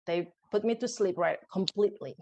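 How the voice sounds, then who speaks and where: A young adult woman, a podcast guest, recounting a personal birth story in conversation, emotional and halting, with frequent restarts. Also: mid-range voice, dark tone, muffled recording, a little hiss or hum.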